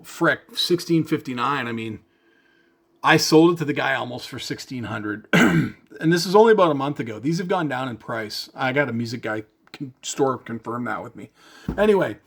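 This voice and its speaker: A man's voice: medium pitch, expressive, moderate pace, gravelly, breathy edge. A man from Canada telling a rambling, chatty story to camera about shipping his gear. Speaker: gear vlogger.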